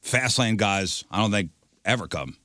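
Male radio host: dry, rambling banter, bright tone, close dry studio mic. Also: fairly low pitch, lively intonation, moderate pace, no room sound. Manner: dry, rambling, self-deprecating.

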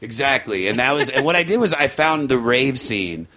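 A man, a podcast guest, telling a long casual story in a rambling, animated way, jumping into voices for the people he quotes. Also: mid-range voice, moderate pace. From United States.

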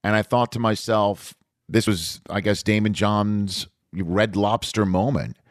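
A man in his fifties from Staten Island hosting a podcast, telling a story in a relaxed, rambling way with small restarts. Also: on the low side, measured pace, no room sound, clean studio sound. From Staten Island, New York. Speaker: podcast host.

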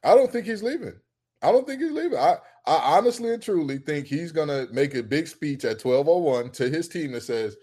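A man co-hosting a casual sports debate show, arguing his points with heat and climbing into loud, emphatic rants. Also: on the high side, animated, a little fast.

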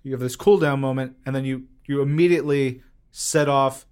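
A man co-hosting a casual podcast chat, telling stories with animated enthusiasm. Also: medium pitch, fairly quick, clean tone. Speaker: podcast co-host reviewing comics.

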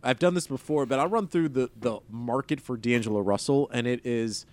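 A man co-hosting a sports podcast, chatting casually with plenty of fillers and a wry, rambling flow. His voice sits at an ordinary middle pitch, captured on a close mic with a dry sound and hardly any room echo. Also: a little fast. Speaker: podcast co-host.

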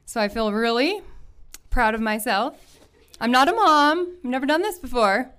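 A high-voiced woman telling a personal story to a live audience. She is animated and laughs often as she goes, slipping into the voices of the people she is describing. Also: moderate pace, smooth.

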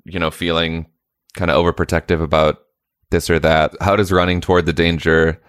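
A man interviewing a guest, asking thoughtful, measured questions. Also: low voice, little pitch movement, fairly bright tone, smooth, no echo, studio quality.

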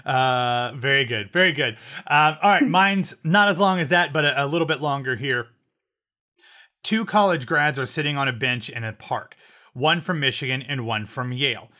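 A man's voice: mid-range voice, pushed and bright. A man co-hosting a podcast in casual chat, chatty and joking, often restarting his sentences. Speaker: podcast co-host.

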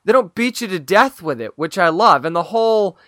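A man's voice: sits high, animated, a little fast, a bit bright, no echo, studio quality. A man co-hosting a podcast, chatting casually and gushing enthusiastically about a TV show. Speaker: podcast co-host. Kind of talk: casual chat reviewing a TV show.

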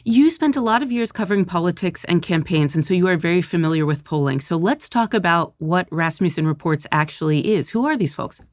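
A woman hosting a podcast interview, asking questions in a lively way. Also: lowish voice, brisk, hardly any pauses, no room sound, clean studio sound. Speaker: podcast host.

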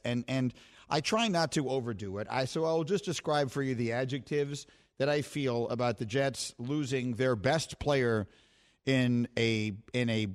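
A man hosting a sports talk show, playful and wry, teasing his staff and riffing dramatically. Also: medium pitch. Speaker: sports radio host.

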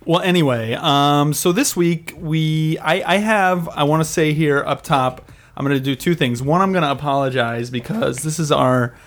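A man's voice: fairly high pitch, normal speed. A man hosting a casual podcast who introduces his co-hosts with joking nicknames in a teasing way. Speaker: podcast host.

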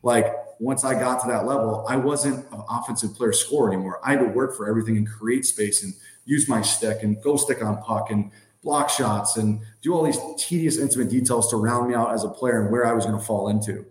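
A man's voice: medium pitch, fairly quick, few pauses. A man in his thirties, a podcast guest, telling casual stories that ramble and lean heavily on fillers like "like" and "you know". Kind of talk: casual storytelling. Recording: roomy echoey sound.

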